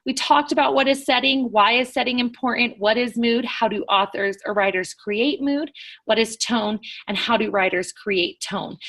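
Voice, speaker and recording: A woman teacher recording a lesson, talking clearly and stressing words as she reads examples aloud. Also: fairly high pitch, a bit bright.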